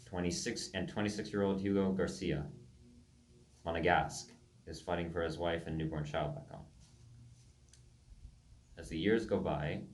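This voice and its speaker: A man's voice: deep voice, steady tone, moderate pace, long pauses, roomy sound. A young man in his late teens reads his own game stories aloud, stumbling over foreign place names and correcting himself as he goes. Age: young adult. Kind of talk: casual reading of his own writing.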